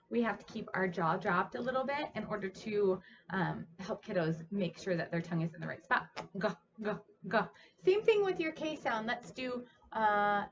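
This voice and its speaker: A woman's voice: on the high side, fairly bright tone, highs cut off. A woman speech therapist demonstrating speech sounds, speaking patiently and encouragingly as she coaches a child. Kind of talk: instructional demonstration.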